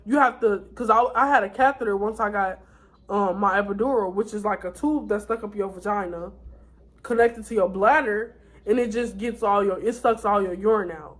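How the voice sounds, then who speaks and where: A woman's voice: mid-range voice, normal speed. A tired young woman vlogging, telling her story in a candid, rambling way with many fillers and restarts. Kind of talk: casual storytime vlog.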